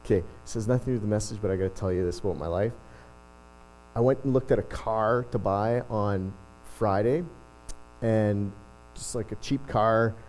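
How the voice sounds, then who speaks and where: A man's voice: fairly low pitch, darkish tone, rough recording. A middle-aged male pastor giving a casual, self-deprecating sermon, often restarting his sentences. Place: church.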